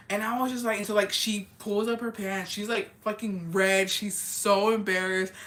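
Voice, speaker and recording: A woman's voice: medium pitch, normal speed, hardly any pauses, fairly bright tone. A young woman telling a casual storytime confession, rambling and swearing, with lots of fillers, often laughing at herself. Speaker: vlogger.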